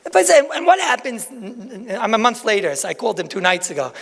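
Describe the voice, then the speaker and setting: Animated rabbi with a gravelly, high voice. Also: male voice, fairly quick, long reverb tail. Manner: animated, folksy, with asides and rhetorical questions. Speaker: rabbi giving a Talmud lecture. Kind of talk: lecture to a crowd.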